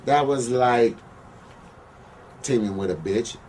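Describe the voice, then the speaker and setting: A man's voice: mid-range voice, slow, a little mellow. A former pro wrestler telling profane, boastful stories in an interview. He keeps asking "you know what I'm saying?". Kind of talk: profane shoot-interview storytelling. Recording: distant mic with faint background noise.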